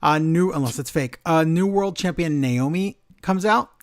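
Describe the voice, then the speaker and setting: A man hosting a wrestling podcast, recapping the show in an animated way and acting out quotes. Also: fairly high pitch, moderate pace. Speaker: podcast host. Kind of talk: casual chat recapping wrestling.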